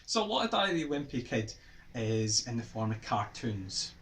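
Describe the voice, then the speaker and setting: A man with a Scottish accent giving a playful lesson to children, with animated, exaggerated exclamations. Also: medium pitch, normal speed, slight background noise. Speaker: writer teaching children.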